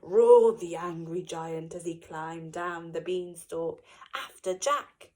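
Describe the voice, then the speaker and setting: A woman, a nursery teacher, reading a storybook to young children expressively, with gasps and hushed whispers. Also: lowish voice, steady tone, takes it slowly, poor audio.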